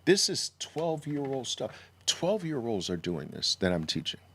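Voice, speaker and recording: A middle-aged man giving an emphatic sales pitch for trading education, full of mocking rhetorical questions. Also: sing-song, measured pace, fairly bright tone, breathy edge. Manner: mocking rhetorical questions, mimics naive traders.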